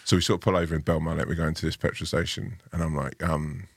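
A man with a very low, gravelly voice tells a long, rambling story. He keeps restarting and filling his sentences with "like" and "you know". The sound is dry and close. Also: fairly even intonation, fast talker, dry recording. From family from Ireland. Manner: rambling anecdotes, many restarts and fillers. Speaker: guest. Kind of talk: casual chat, storytelling.

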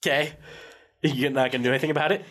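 A man's voice: medium pitch, steady tone, rapid-fire, fairly bright tone. A man running a tabletop game as game master, narrating casually and rambling with lots of fillers.

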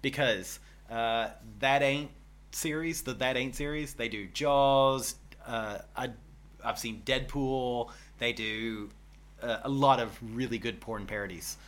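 A man's voice: medium pitch, takes it slowly, a bit bright. A man co-hosting a casual chat, playful and laughing often. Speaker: podcast co-host.

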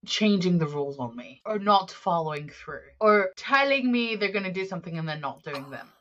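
A woman's voice: fairly low pitch, lively intonation, a little fast, a bit bright, highs cut off, slight background noise. A young adult woman guest on a podcast, talking frankly and reflectively about her life as a single mum. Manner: frank, reflective, swears casually. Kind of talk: candid conversational storytelling.

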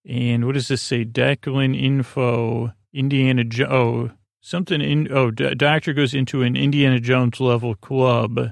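A man hosting a bedtime podcast, recapping a TV episode in a halting, low-key way with many pauses and restarts, with a hint of an Upstate New York accent. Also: dry recording, studio quality. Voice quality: gravelly, flat delivery. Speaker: podcast host.

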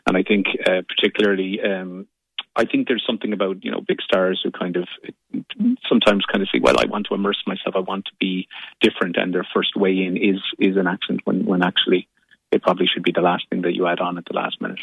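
An actor with a very deep voice speaks quickly and hesitantly, trailing off into fillers as he thinks aloud. He comes through a tinny phone line with a dry, boxy sound. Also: level tone, vocal fry, breathy edge, no room sound. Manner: hesitant, full of fillers and restarts. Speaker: actor, studio guest. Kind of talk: radio interview.

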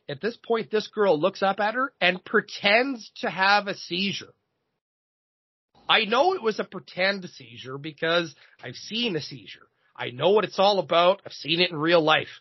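A man in his thirties, a podcast host, telling a comedic story in an animated, profane way. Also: high voice, breathy edge, no room sound, lo-fi sound. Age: 30s.

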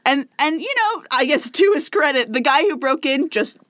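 A woman's voice: sits high, animated, normal speed, a bit bright, dry recording, clean studio sound. A woman in her late twenties, co-hosting a podcast and telling a history story in a chatty, casual way. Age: 20s. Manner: chatty storyteller, acts out quotes. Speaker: podcast co-host.

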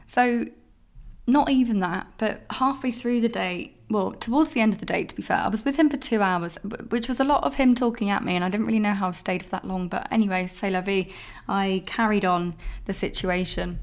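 A young woman hosting a solo podcast, telling stories in a candid, expressive way and swearing freely. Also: medium pitch, fairly quick. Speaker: podcast host.

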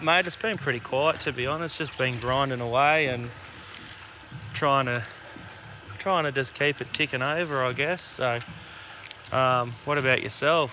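Australian man, bright voice, average pitch, matey easygoing podcast chat, outdoors, faint noise. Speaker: podcast co-host. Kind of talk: casual chat.

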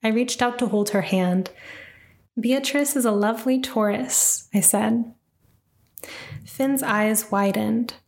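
A woman's voice: mid-range voice, darkish tone. Woman reading a first-person story. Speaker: narrator.

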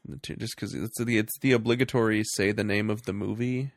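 A man riffs through a casual movie podcast with a wry, jokey manner. His voice has a gravelly edge. The sound is dry and close, with no room around it. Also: fairly low pitch, steady tone, brisk, no echo. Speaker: podcast host.

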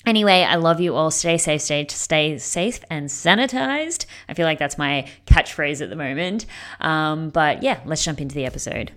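A woman's voice: sits low, animated, normal speed, a bit bright. A woman hosting a podcast interview, chatting in a bubbly, enthusiastic way. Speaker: podcast host. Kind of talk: casual interview chat.

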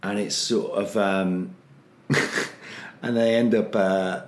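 A man with a somewhat low voice spins a comic anecdote in a meandering, filler-heavy way, breaking into the voices of the people in his story. The recording has a noticeable roomy echo. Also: takes it slowly. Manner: animated, loose storytelling full of fillers, acting out other people's voices. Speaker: comedian and podcast co-host.

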